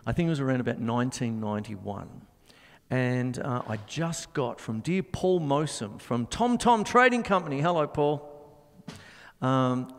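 Chatty middle-aged drummer host. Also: male voice, medium pitch, lively intonation, unhurried, long reverb tail. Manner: rambling, chatty, scats drum rhythms. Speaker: drum teacher hosting a live stream. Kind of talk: casual live-stream chat and drum demonstration.

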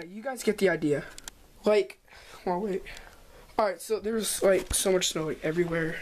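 Excited rambling woman vlogger. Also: mid-range voice. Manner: excited, rambling with many fillers. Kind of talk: casual vlog. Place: indoors at home. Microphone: handheld camera.

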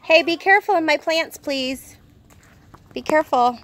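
Woman, high bright voice, cheerful and coaxing, outdoor family video. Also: normal speed. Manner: cheerful, coaxing, keeps warning about her plants. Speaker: parent filming kids' egg hunt. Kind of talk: casual family vlog chat. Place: outdoors in a yard.

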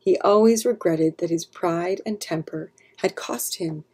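A woman reads a children's storybook aloud in a calm, clear storytelling manner. Her voice is low-pitched and mellow, with a soft, breathy texture. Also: a little slow. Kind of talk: storybook read-aloud narration.

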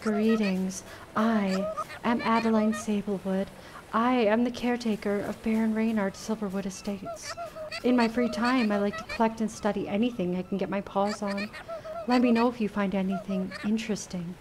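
A woman's voice: fairly even intonation, normal speed, noisy background, close to an everyday voice. Adeline, a woman putting on an intense formal caretaker. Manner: formal, intense, lower than her own voice. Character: intense scholarly female caretaker, animal villager.

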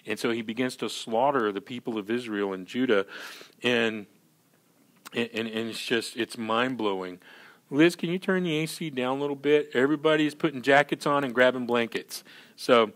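A male pastor preaching at a mid pitch, chatty and animated and full of asides. He slips into little acted-out scenes and keeps checking in with the congregation. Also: normal speed. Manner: animated, acts out scenes in character voices; conversational, peppered with "you know" and "right". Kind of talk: sermon.

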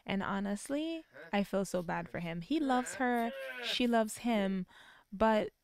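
A woman's voice: medium pitch, animated, takes it slowly, gravelly. Chatty young woman narrating a game. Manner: chatty, addresses viewers as you guys. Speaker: let's play narrator. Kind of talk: casual game commentary.

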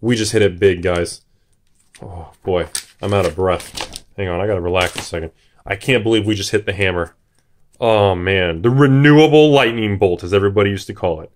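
This man hosts a card-opening video in casual, excited commentary. His voice sits fairly low. He gets jittery and hyped and breaks into shouts at the big pulls. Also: fairly quick.

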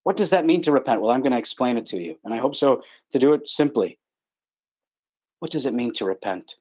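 A man's voice: mid-range voice, expressive, fairly quick, darkish tone, husky. A man preaching an online gospel sermon in an earnest, emphatic way, repeating his key words for stress. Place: online call.

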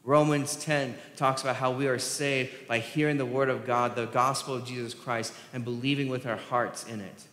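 A man's voice: medium pitch, steady tone, moderate pace, few pauses, fairly bright tone. A male pastor, preaching a sermon in a conversational style that rises for emphasis. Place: church sanctuary. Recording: echoey hall reverb.

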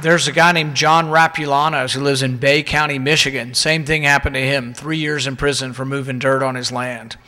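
A man's voice: mid-range voice, fairly even intonation, moderate pace, hardly any pauses, sharp tone, some chatter behind. A man, a politician, giving a political speech at a conference, full of indignant rhetorical questions to the audience. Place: conference hall. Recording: long reverb of a large hall.

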